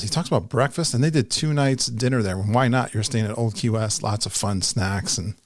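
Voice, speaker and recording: A man's voice: medium pitch, no echo, studio quality. A man hosting a podcast, chatting in an upbeat way and laughing often. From Connecticut, USA. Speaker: podcast host. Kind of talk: casual podcast chat.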